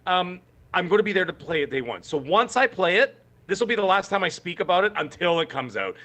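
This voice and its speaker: Bright-voiced man ranting on a podcast. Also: high voice, very animated, fairly quick. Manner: emphatic, rambling, with many restarts. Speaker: podcast co-host. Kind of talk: casual podcast chat.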